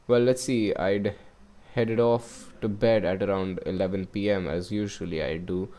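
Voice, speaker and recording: A man voicing a gossipy middle-aged male neighbor in a game, attempting a rough Scottish-style accent. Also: on the low side, fairly even intonation, normal speed, dark tone, close to an everyday voice. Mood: chatty.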